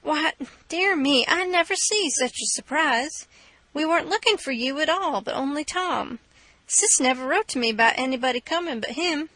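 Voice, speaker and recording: A flustered older Southern aunt with a sharp tongue, her voice pitched high and bright, as a woman reader puts her on. She scolds indignantly, in a dry, close recording. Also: animated, moderate pace, no echo.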